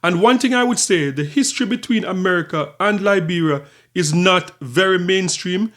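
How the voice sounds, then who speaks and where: Higher-voiced man musing to camera. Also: normal speed, a bit bright. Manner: talkative, repeats and restarts phrases. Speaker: channel host. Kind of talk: casual commentary to camera.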